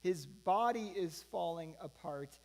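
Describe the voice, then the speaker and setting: A man's voice: high-pitched, lively intonation, unhurried. A man preaching a sermon, retelling a scripture story in a loose, conversational way with frequent asides. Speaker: pastor. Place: church sanctuary. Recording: long reverb of a church hall.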